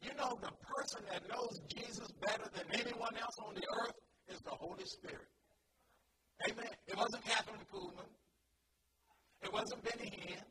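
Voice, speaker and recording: A man's voice: extremely high pitch, fairly even intonation, normal speed. A male preacher delivering a sermon, peppering his lines with amens and repeating phrases for emphasis. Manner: rhythmic, peppers lines with "amen" and "glory to God". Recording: distant mic with loud background noise.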